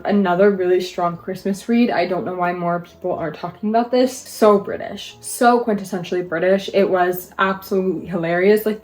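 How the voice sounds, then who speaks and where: Young woman chatting about books she read, opinionated, lots of emphasis and "how am i supposed to" type questions, mid pitch. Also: a little mellow. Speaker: book reviewer. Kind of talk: casual book review vlog.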